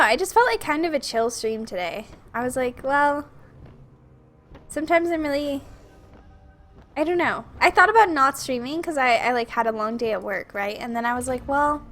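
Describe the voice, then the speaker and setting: A young woman with a Minnesotan accent chats with her stream viewers as she plays a game. She rambles easily and giggles often in a fairly high voice, with soft game music faintly in the background. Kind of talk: casual chat while playing a video game.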